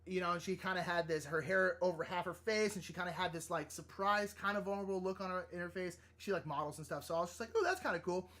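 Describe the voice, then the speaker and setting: A man hosting a live drawing stream, chatting casually and rambling, easily excited and flustered. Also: high-pitched, fast talker, hardly any pauses. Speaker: livestream artist host. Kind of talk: casual livestream chat while drawing.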